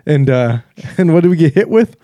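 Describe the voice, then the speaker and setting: A man co-hosting a movie review podcast who agrees and chimes in with quick additions, laughing often. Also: fairly high pitch, expressive, warm tone, dry recording. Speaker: podcast co-host. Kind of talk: casual movie review chat.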